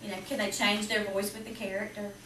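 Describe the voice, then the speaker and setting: A woman teacher with a Southern US accent, talking to parents about reading in a chatty, lively way. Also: medium pitch. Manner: chatty, lively, quick to laugh. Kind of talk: presentation to parents. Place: school classroom. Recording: roomy, distant, noisy classroom recording.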